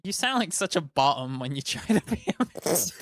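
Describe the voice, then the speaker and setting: A man's voice: fairly high pitch, sing-song, normal speed, a bit bright, no echo, clean studio sound. A man co-hosting a home live stream, teasing his partner in playful banter. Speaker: co-host. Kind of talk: casual live-stream chat.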